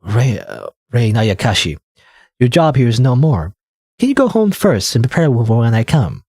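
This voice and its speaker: A man reading the lines of a calm, otherworldly young woman in a visual novel, in his own voice with an even delivery. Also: medium pitch, normal speed, slightly rough, no echo, clean studio sound, full character voice.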